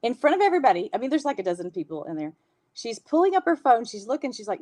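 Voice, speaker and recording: A woman's voice: mid-range voice, big pitch swings, fast talker, no room sound. Chatty Southern woman in her fifties. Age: 50s. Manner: chatty, laughing, answers viewer comments. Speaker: host. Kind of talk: casual livestream chat.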